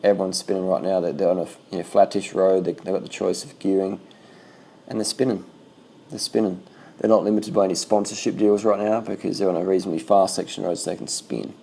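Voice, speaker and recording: Guy calling a bike race off the cuff, low gravelly voice, kinda husky, swears a lot. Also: fast. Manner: excitable, profane, repetitive running commentary. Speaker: cycling vlogger commentating race footage. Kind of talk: casual race commentary.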